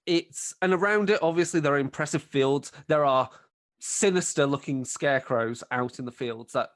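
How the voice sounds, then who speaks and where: A man's voice: fairly high pitch, normal speed, dry recording, studio quality. A man narrating a tabletop game as game master, describing scenes in a rambling way with plenty of fillers.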